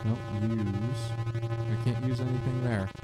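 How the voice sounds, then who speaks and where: A man's voice: medium pitch, unhurried, over loud music. Chatty man doing gameplay commentary. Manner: relaxed, chatty, jokey asides. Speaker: let's play host.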